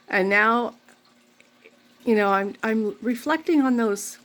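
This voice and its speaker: A woman's voice: on the high side, unhurried, long pauses, fairly bright tone. A woman vlogging, telling a rambling, candid personal story full of faith talk. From Canada.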